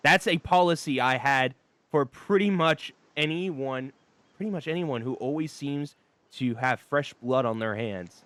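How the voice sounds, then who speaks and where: A man's voice: mid-range voice, a little slow, a bit bright, lightly acted. A man voicing a blunt, scornful killer in a dating game, talking down to the player.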